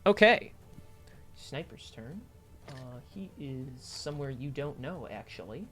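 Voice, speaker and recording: A man's voice: a little high, very animated, a little slow, a bit bright, faint music behind. A man running a tabletop game as dungeon master, joking, laughing and swearing casually.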